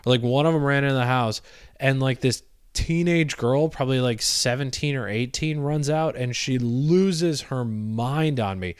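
A man's voice: mid-range voice, moderate pace, clear, resonant tone, no room sound, studio quality. A young man telling a casual personal story in a rambling way, with plenty of fillers and the odd swear word. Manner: rambling, many fillers, swears, laughs at himself.

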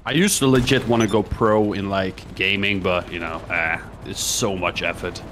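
A man who is a podcast guest, speaking offhandedly and trailing off quietly. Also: sits low, fairly even intonation, moderate pace, a little hiss or hum. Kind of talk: casual chat.

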